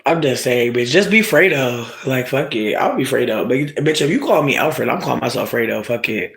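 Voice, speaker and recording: Streamer chatting with viewers: brash, profane, animated, prone to loud shouting bursts, mid pitch. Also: normal speed, creaky. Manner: asides to the audience. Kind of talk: casual storytelling chat.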